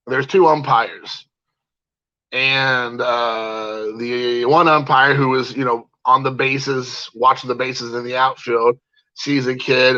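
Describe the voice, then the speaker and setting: A man's voice: medium pitch, bright, forceful tone, no echo, lo-fi sound. A man telling a personal story in a casual monologue, rambling with lots of "uh" and restarts. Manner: rambling, many fillers and restarts.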